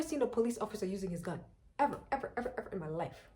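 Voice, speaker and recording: A young woman from Rwanda, telling a personal story to her viewers in an animated, chatty way. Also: medium pitch, very fast. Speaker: vlogger.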